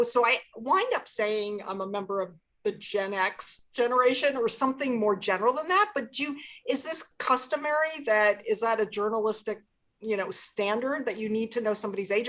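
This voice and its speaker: A woman of sixty speaking candidly in a casual video-call discussion, self-deprecating and quick to laugh. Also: a little high, fairly bright tone. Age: 60s. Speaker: panel participant, finance expert.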